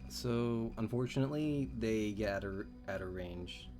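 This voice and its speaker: A man running a tabletop campaign in a slightly low voice. He hesitates often, filling gaps with "um" and "like" as he explains rules. Clear background music plays throughout. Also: a little slow. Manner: hesitant, lots of "um" and "like". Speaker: game master. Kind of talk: narrating a tabletop game.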